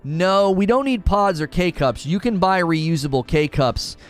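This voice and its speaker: A man's voice: high-pitched, animated, unhurried, soft background music. A man live-streaming, chatting casually and reading viewer comments as he rambles with frequent restarts. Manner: rambling, reads chat aloud, many restarts.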